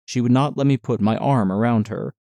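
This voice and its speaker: A male audiobook narrator reading a novel in a steady, measured way. His voice sits at a middling pitch. It is recorded close and dry, with no room sound. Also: gravelly, no room sound.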